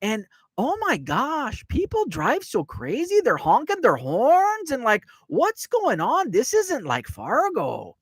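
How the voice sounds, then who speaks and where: A man putting on the voice of an excitable, chatty woman bartender from a small town, high-pitched and gushing with drawn-out vowels. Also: breathy edge, no room sound, clean studio sound, heavily acted. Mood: flustered gushing.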